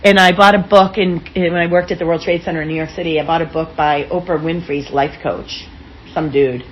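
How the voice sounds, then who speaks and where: Woman, interview guest, frank expressive storytelling, slightly low voice, dull recording. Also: a little fast, a little hiss or hum. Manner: frank and expressive, with casual swearing. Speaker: keynote speaker, interview guest. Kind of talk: candid personal storytelling in an interview.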